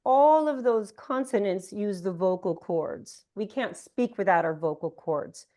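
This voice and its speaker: A woman on a video call talks at a very slow, unhurried pace as she teaches Sanskrit sounds. She says each consonant carefully and draws out her words. Her voice sits at a middle pitch. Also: lively intonation, warm tone. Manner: demonstrates sounds slowly, drawn-out and deliberate. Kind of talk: explaining pronunciation on a video call.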